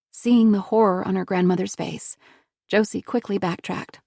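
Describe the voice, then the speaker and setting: A woman reading a thriller audiobook in a steady, measured voice on a close studio mic. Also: medium pitch, gravelly, no echo. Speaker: audiobook narrator. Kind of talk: scripted narration.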